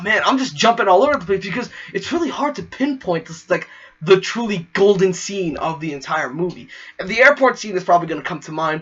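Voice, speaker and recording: High, bright, excitable young man. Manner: gushing and animated, full of fillers and quick acted-out quotes. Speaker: movie reviewer. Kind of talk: excited spoiler movie review. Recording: dull lo-fi recording.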